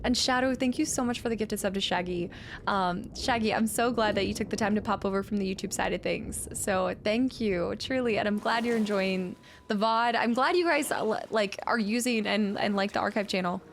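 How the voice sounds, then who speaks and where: A woman's voice: mid-range voice, a little fast, slight background noise. A woman streamer chatting casually with viewers while playing a game, laughing often and thanking people for donations and follows. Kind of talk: casual live-stream chat while gaming.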